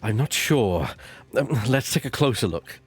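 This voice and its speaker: A man doing a composed, formal prosecutor for a game dub, his lines measured and dry. The pitch sits in a middling register but moves a lot through each sentence, and faint game music plays behind. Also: expressive, husky. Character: poised formal male prosecutor, adult.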